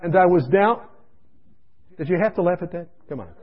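A man preacher telling his own testimony in a sermon, dramatic and shifting from loud to hushed, in a dull lo-fi radio recording. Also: sits high, animated, a little fast. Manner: dramatic storytelling, swinging between loud and hushed.

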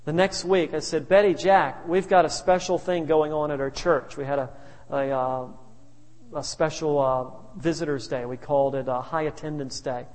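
With a steady, darkish voice on the high side, a male pastor speaks at normal speed. His sermon is anecdotal and funny, with chuckling asides, recorded in a reverberant hall.

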